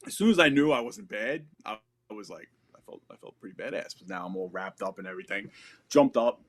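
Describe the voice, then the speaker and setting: A man in his thirties with a lowish voice tells a story as a podcast guest. His talk is loose and casual, studded with "like," "you know" and some swearing. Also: expressive, a little fast, fairly bright tone.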